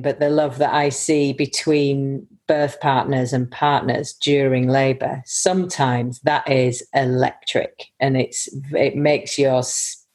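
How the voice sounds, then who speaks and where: A woman midwife giving an earnest, reflective account of her work, often pausing to search for words. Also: very deep voice, a little mellow.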